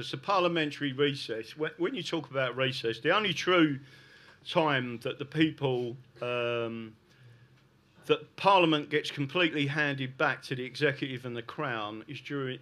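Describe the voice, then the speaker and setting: A man's voice: medium pitch, moderate pace, a bit bright. A middle-aged man with a South London accent giving a fervent, unscripted talk to an audience, peppering his points with "listen" and "right?". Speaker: public speaker.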